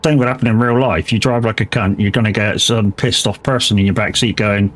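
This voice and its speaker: A fairly low-pitched man from England speaks a little fast in a steady tone. He's a gaming streamer chatting casually while livestreaming a driving game, rambling, chatty and freely swearing.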